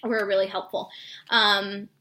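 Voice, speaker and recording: A woman's voice: mid-range voice, flat delivery, a little slow, bright, forceful tone. A woman fitness coach giving casual advice, chatty and full of fillers, often acting out sample messages in an upbeat voice. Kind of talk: casual instructional talk.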